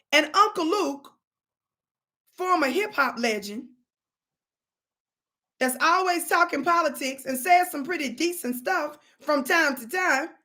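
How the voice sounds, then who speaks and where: A woman hosting a live stream, telling a story to viewers in an animated, preachy call-and-response style. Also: high voice. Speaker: livestream host. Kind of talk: casual livestream storytelling.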